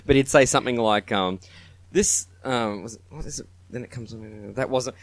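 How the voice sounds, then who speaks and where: A man co-hosting a podcast, sharing his thoughts on a film in a relaxed way. He rambles and restarts his sentences and laughs softly now and then. His pitch is middling. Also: normal speed. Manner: rambling and self-correcting, with soft laughs. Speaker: podcast co-host. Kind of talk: casual film review chat.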